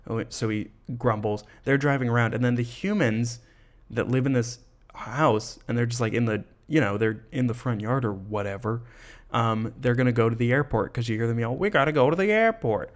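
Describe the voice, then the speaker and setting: A man hosting a podcast, chatting casually and laughing as he retells a story with animated asides. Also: mid-range voice, moderate pace. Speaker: podcast host.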